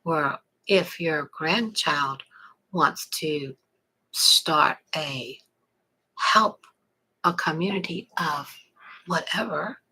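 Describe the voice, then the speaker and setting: A middle-aged woman from South Texas with a Texan accent, chatting casually on a live stream, greeting viewers and pitching a webinar in a folksy way. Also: very slow, pauses often, pushed and bright, slightly rough, low-quality recording. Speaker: online marketing promoter.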